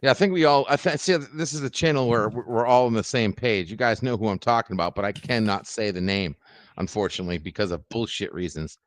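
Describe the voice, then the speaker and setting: A man's voice: lowish voice, fast talker, dry recording. Profane, heated ranting man. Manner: heated, profane, repeats himself. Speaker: live streamer. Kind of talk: angry ranting livestream.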